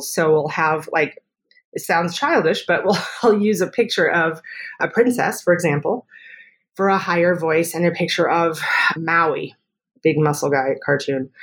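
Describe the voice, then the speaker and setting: Chatty speech therapist woman, lowish voice. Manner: chatty, explains with quick examples. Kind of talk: podcast interview.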